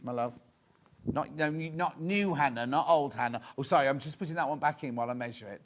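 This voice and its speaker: Chatty man, higher-pitched voice. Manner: chatty, cheerful, chats with crew off camera. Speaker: shopping channel presenter. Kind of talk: live on-air sales patter. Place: TV studio.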